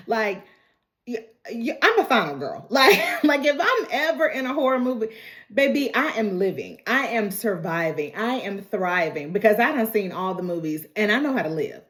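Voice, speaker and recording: A woman giving a casual, animated recap of a TV episode, laughing often and swearing freely. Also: on the high side. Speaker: TV recap vlogger.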